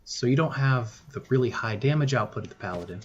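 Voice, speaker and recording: A man giving relaxed gameplay commentary as a voice-over, thinking aloud with frequent fillers and restarts. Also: mid-range voice, fast, dull audio. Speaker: gaming YouTuber.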